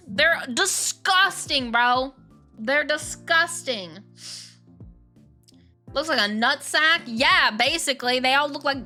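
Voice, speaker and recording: A woman's voice: fairly high pitch, bright, forceful tone. A young woman streaming a game and chatting casually, ranting with slang and laughter. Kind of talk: casual chat while gaming. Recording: faint music behind.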